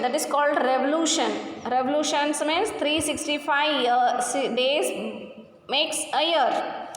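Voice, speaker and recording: A woman teacher explains a lesson, her voice sitting high. She speaks unhurriedly and repeats each word slowly to drill its stress. The sound is roomy, with a long echo and a faint hum behind it. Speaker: English teacher. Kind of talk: classroom lesson explaining pronunciation and vocabulary. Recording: echoey room with long reverb, faint hum.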